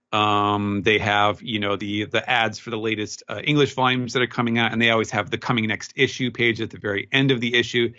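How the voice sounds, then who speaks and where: A low-pitched man co-hosts a casual podcast, circling his point with fillers and restarts. His voice has a bright, pressing edge. The recording sounds dull and lo-fi. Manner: rambling, many fillers and restarts. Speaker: podcast co-host. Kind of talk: casual chat.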